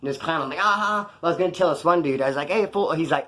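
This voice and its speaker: A man's voice: fairly high pitch, racing, sharp tone. A man casually telling prison stories to camera in a rambling, slangy way, acting out quoted dialogue.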